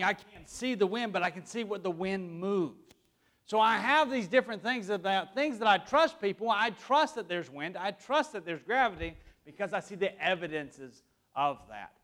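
A man's voice: high-pitched, fairly bright tone. A man preaching a sermon to his congregation, casual and conversational, often asking them questions. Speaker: pastor.

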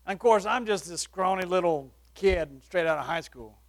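A man preaching, telling a personal testimony with animated shifts between loud and soft. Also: high-pitched, moderate pace. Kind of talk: sermon testimony story.

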